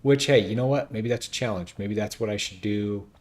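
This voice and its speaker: Low voiced guy streaming a game, jokes around and thinks out loud a lot. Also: fairly quick. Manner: chatty, joking, thinks out loud. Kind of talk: casual gameplay commentary.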